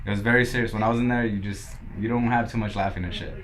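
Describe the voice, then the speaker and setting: A man's voice: on the low side, fairly even intonation, rapid-fire. Young man, casual storytelling, laid-back, heavy swearing, faint background noise. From Los Angeles. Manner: laid-back, swears a lot, quotes others in dialogue. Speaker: podcast guest.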